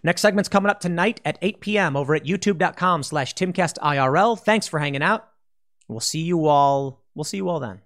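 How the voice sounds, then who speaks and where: A man's voice: fairly high pitch, a little fast, fairly bright tone. A man hosting a political commentary show, speaking in an emphatic monologue full of sweeping declarations, restarts and quoted asides.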